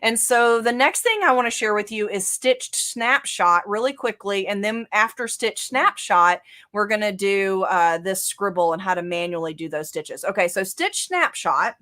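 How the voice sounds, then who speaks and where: A woman with a Southern US accent, giving a casual live software tutorial as the instructor and talking through each click with frequent fillers. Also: medium pitch, normal speed, hardly any pauses. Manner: casual, chatty, thinking aloud with fillers.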